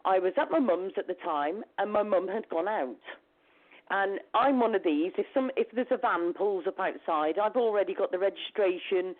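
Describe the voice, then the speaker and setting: A woman's voice: mid-range voice, expressive, moderate pace. A woman hosting a talk show, telling a long personal story in a chatty, rambling way. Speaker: show host. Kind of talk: casual storytelling chat. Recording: phone-like lo-fi call audio.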